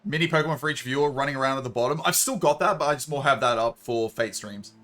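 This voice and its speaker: A man's voice: medium pitch, quick pace, fairly bright tone. A man chatting casually on a live stream, laughing often and swearing casually, into a desk microphone.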